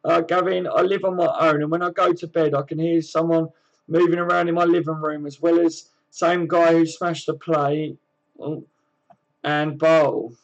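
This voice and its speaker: A fairly high-voiced man, casually chatting on his live stream. He reads out viewers' comments and answers them in an easygoing, slang-filled way. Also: level tone, normal speed, lo-fi sound. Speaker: host of a fan live stream.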